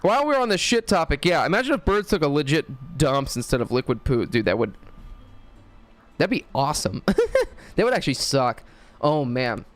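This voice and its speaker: A man's voice: fairly high pitch, very animated, moderate pace. Crude jokey male gaming streamer. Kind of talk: casual livestream chat while gaming.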